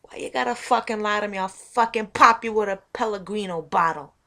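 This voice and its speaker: A woman voicing a tough male Italian mafioso who talks in a hushed, threatening, streetwise way. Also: medium pitch, brisk.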